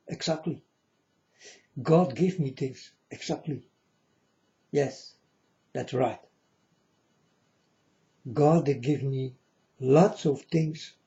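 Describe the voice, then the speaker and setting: Guy talking slow and earnest to his viewers, dark mellow voice, a bit high, halting broken phrasing, muffled lo-fi sound. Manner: earnest, repetitive, halting non-native phrasing. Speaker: vlogger addressing viewers. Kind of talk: rambling monologue to viewers.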